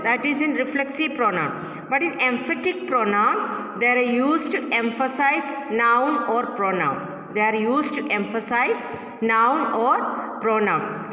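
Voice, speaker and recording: A woman teacher giving a grammar lesson, repeating each example sentence slowly. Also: fairly high pitch, bright, forceful tone. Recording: echoey room with long reverb.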